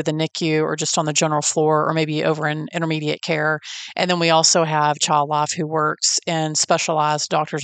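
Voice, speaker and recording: A woman's voice: low-pitched, no echo. A woman with a Texan accent hosting an interview, asking curious questions. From Texas. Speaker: podcast host. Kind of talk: casual interview talk.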